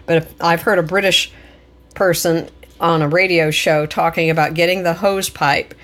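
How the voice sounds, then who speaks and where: Low-voiced woman calling in to radio. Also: steady tone, normal speed, fairly bright tone. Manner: chatty storytelling. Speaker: caller. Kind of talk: phoned-in listener comment.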